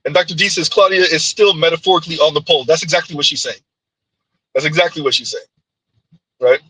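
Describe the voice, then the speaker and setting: A man hosting a livestream who reads viewer comments aloud in an animated, teasing way. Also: on the high side, fast talker, husky, rough recording. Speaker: livestream host. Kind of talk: reading live chat comments.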